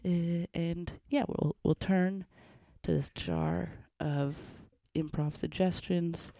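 Young female musician host, dark mellow tone, dry close sound, rambling and full of fillers. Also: lowish voice, steady tone, slow, creaky, dry recording. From Canada's Northwest Territories. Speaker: musician hosting a show. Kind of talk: casual solo show talk.

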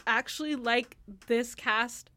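A young woman chats through a play review on a radio talk show, her voice sitting a little high. She talks loosely, circling back with fillers and restarts. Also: steady tone, slow, bright, forceful tone. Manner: chatty, lots of fillers and restarts, laughs easily. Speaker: theatre reviewer. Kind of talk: casual radio chat.

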